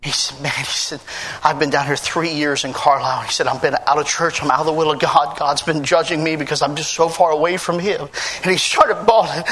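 American pastor telling a story. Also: male voice, fairly high pitch, a little fast, slightly rough. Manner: energetic, shouting and laughing in an acted-out pancake run; quiet, confiding storytelling. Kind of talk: sermon. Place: church service with a congregation.

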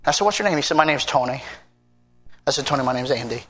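A man with an American accent, preaching a sermon and telling a story from his ministry in a quiet, confiding way. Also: mid-range voice, fast talker, slightly rough, soft background music. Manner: energetic, shouting and laughing in an acted-out pancake run. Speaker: pastor. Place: church service with a congregation.

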